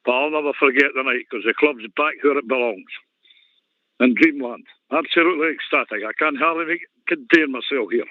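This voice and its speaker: A man's voice: medium pitch, fairly quick, dry recording. A Scottish man calling into a football phone-in, fired up, defiant and emphatic. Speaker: caller. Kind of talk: casual football phone-in chat. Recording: tinny dry phone line.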